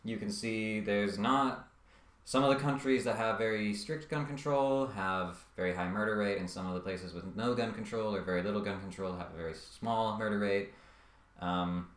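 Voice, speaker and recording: Male commentator, deep voice, halting and wry, roomy sound. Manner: hesitant, many ums and uhs, wry asides. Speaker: video essayist. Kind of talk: casual scripted commentary.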